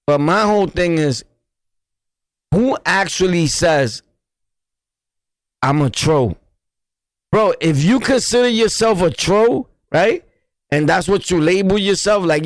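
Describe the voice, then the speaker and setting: A man's voice: high voice, animated, slow pace, pauses often, no echo. Blunt New York man ranting on livestream. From New York City. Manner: blunt, repetitive slang-heavy street talk. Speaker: livestream host. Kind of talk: casual livestream rant.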